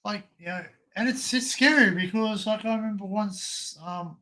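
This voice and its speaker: A man's voice: high-pitched, moderate pace, pushed and bright. An Australian man hosting a livestream, telling rambling stories full of "you know, like" fillers in casual chat. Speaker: livestream host.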